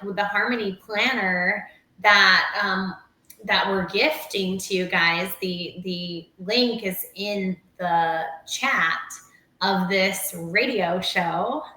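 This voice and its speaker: Woman, doctor guest, bright voice, chatty and rambling, echoey room. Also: medium pitch, takes it slowly. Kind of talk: casual live-stream chat.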